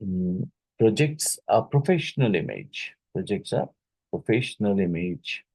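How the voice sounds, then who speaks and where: Teacher, male, Indian English accent; slow lecture delivery with repeated terms and fillers, dry recording. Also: low voice, sing-song, gravelly, darkish tone, breathy edge, no echo, poor audio. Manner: slow, repeats key words, many fillers. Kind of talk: exam question-and-answer lecture.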